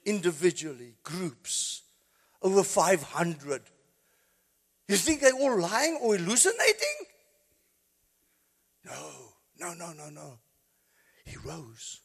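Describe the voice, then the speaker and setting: A man, a pastor, preaching an impassioned sermon that swings from quiet, low passages to high, shouted exclamations. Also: wildly swooping pitch, slow pace, gravelly, pauses often, husky, long reverb tail.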